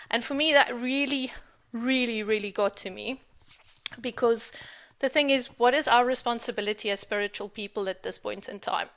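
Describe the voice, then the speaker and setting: Bright, frank woman ranting on a vlog. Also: a little high, normal speed. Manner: frank, swears freely; emphatic, repeats for stress. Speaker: spiritual vlogger. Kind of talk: candid vlog rant.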